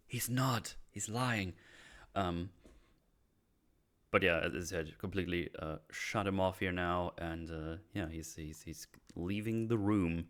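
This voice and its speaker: A man's voice: low-pitched, unhurried, fairly bright tone. A man hosting a podcast, casually breaking down a TV episode in a rambling way, swearing freely and laughing often. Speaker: podcast host.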